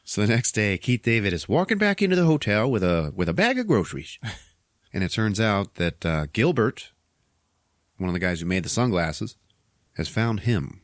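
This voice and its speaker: A podcast host recapping a movie in a profane, chuckling, animated way. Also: male voice, lowish voice, normal speed, dry recording, studio quality.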